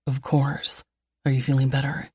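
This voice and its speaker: A woman narrator voicing a protective, commanding man in a calm, firm tone, close to her own low voice. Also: moderate pace, husky, exaggerated voice. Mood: firm caring.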